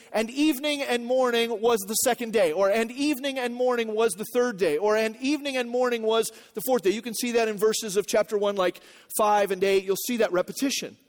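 A male pastor preaching a sermon in an earnest teaching manner, repeating key phrases and checking that the congregation follows. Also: extremely high pitch.

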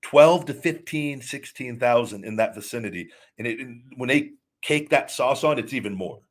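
A man's voice: medium pitch, normal speed. A man hosting a live show, talking casually and emphatically with many restarts while reading viewer messages. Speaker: host reading super chats. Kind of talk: live-stream casual talk.

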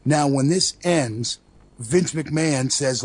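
A man with a thick Brooklyn accent, co-hosting a radio show and excitedly recapping wrestling. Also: medium pitch, measured pace, breathy edge. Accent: New York, Brooklyn. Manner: excited recapping, animated storytelling. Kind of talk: casual wrestling talk.

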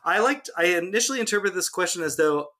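A man hosting a casual sports podcast, chatting and joking with quick asides. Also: high-pitched, expressive, bright, forceful tone. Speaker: podcast host. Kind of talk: casual chat.

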